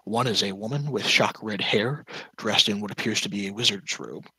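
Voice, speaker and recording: A man running a tabletop game as game master, describing scenes in a halting way with fillers. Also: fairly low pitch, bright, forceful tone, breathy edge, no echo, rough recording.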